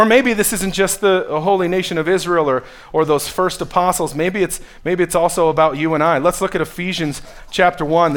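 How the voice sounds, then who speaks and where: A high-pitched male pastor delivering a sermon, pressing his listeners directly. He swings between near-whispered, quiet stretches and loud, emphatic peaks. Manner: earnest, pushes the listeners directly.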